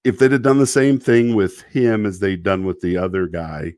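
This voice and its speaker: A man's voice: low-pitched, fairly even intonation, normal speed, a little mellow, dry recording, studio quality. A man casually reviewing a TV episode on a live stream, rambling, often breaking into laughter and apologizing. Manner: quotes characters in mock voices.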